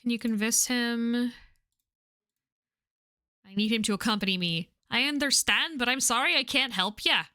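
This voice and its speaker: A Victorian woman with a put-on Scottish accent turns someone down, brisk and apologetic, as a woman does her voice. The voice sits a little high and close to the mic, with no room sound. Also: sharp tone, no echo. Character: Victorian woman refusing a request.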